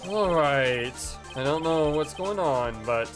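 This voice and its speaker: A woman voicing a cool, aloof adult man who speaks in a calm, dry, measured way. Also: deep voice. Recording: game music playing underneath.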